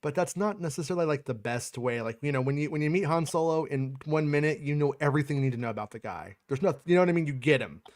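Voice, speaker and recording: A man's voice: on the high side, fast talker, few pauses. Rambling, cursing man hosting a stream. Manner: rambling, profane, frequent restarts. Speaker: podcast host. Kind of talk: casual livestream chat.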